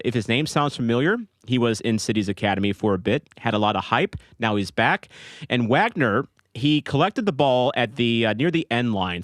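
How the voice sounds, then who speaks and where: A man's voice: medium pitch, no room sound, clean studio sound. A man co-hosting a casual sports podcast, recapping a match play by play with lots of fillers. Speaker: podcast co-host.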